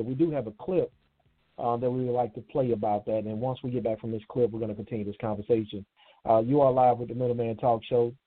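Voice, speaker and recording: Casual talk show host, phone-line sound. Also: male voice, mid-range voice, no echo. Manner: casual, addresses listeners as y'all. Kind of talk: live radio talk show.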